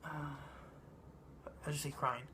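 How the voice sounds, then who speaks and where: A man giving a casual spoken movie review, halting and meandering, with lots of ums and uhs. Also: a little high, little pitch movement, sharp tone, slight background noise. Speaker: film reviewer.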